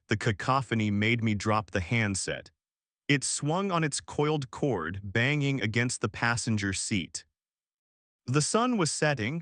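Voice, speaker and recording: Slow, measured male horror storyteller. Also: medium pitch, fairly bright tone, dry recording, clean studio sound. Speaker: narrator. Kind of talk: scripted horror story narration.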